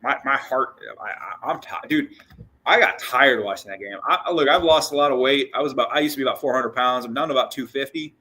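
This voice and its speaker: A man's voice: medium pitch, quick pace, bright, forceful tone, slightly rough, poor audio. A man hosting a casual postgame sports show, rambling with restarts and repeated words, short of breath. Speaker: sports podcast host.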